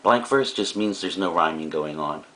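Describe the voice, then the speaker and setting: A man with a very low, deep voice talks through a recorded classroom lecture. He explains things casually and often stops for fillers and side remarks, like a teacher speaking to his students. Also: moderate pace, bright, forceful tone.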